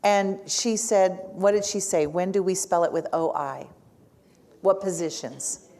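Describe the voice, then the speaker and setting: Woman teacher, lower voice. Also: unhurried, darkish tone. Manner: asks the audience frequent questions, tags with "right?". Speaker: speech language pathologist teaching a workshop. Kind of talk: live classroom lecture.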